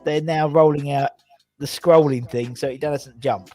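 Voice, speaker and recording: A man's voice: fairly high pitch, steady tone, a little slow, a little mellow. A man hosting a casual football fan chat show, rambling through stories and reading out viewer comments. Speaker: podcast host.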